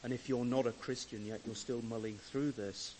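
A man preaching a sermon with measured, deliberate pauses, who swells to emphatic loudness when he reads scripture. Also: mid-range voice, fairly even intonation, a little hiss or hum, poor audio. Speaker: pastor.

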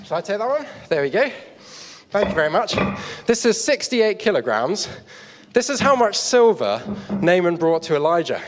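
A man's voice: high-pitched, sing-song, moderate pace, slight background noise. A man preaching a sermon on stage, telling a story with props and chatty asides to the audience. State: out of breath. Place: church hall stage. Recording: long hall reverb.

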